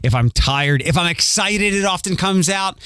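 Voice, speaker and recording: A man's voice: sits high, moderate pace, sharp tone, clear, resonant tone, no echo. A man hosting a podcast, chatting in a rambling, self-aware way with a faint Philadelphia accent. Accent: Philadelphia, mostly trained out. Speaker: podcast host. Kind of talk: casual podcast monologue.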